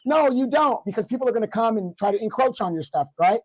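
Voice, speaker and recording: A man with a congested, hoarse voice, guesting on a livestream discussion and ranting in mock outrage. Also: extremely high pitch, lively intonation, quick pace, few pauses, a little mellow, poor audio. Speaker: guest commentator.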